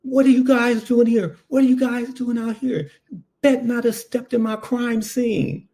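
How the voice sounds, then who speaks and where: A man putting on an angry police detective who shouts accusing questions, in a raised high voice. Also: fairly even intonation, measured pace. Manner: yelling, accusing.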